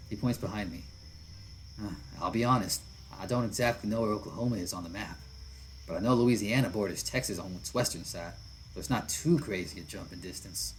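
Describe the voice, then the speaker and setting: A man with a fairly low voice reads a visual novel aloud as its narrator. He keeps up casual asides and small chuckles between passages, with faint background noise under the recording. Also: a little fast, poor audio. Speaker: visual novel let's player.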